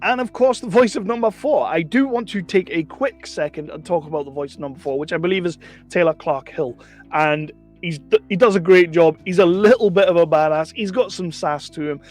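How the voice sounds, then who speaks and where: A man with a notably high voice rambles through a casual film review, opinionated and chatty, stopping to correct himself as he goes. Faint music plays underneath him. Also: fairly quick.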